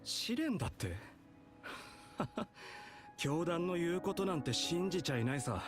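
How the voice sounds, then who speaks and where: A man's voice: on the high side, big pitch swings, fairly quick. An actor voicing a sardonic young man in a game's Japanese dub. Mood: scoffing. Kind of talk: Japanese game voice acting. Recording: game audio over clear music.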